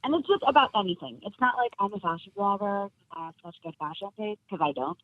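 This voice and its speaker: A woman chatting as a podcast guest, talking loosely with plenty of fillers and easy laughter. Her voice comes through a thin, phone-like line, her pitch sitting in an ordinary middle range. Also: animated, quick pace, dry recording. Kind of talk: casual chat. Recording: narrow phone-like sound.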